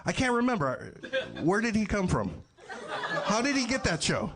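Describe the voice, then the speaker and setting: A man's voice: high-pitched, very animated, moderate pace, crowd noise. Laughing, rambling male storyteller. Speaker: guest comedian. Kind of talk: live podcast storytelling.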